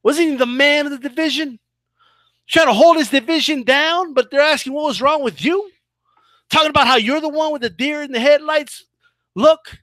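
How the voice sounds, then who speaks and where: High, bright-voiced male boxing vlogger. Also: normal speed, dry recording. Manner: animated, mocking, with repeated restarts. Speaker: boxing commentator and channel host. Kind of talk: casual boxing commentary vlog.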